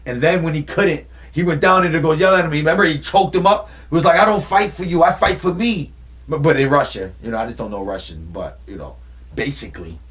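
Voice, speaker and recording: A man retelling a movie in a casual, animated style, full of slang and rhetorical questions. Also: medium pitch. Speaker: movie commentator. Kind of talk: casual storytelling commentary.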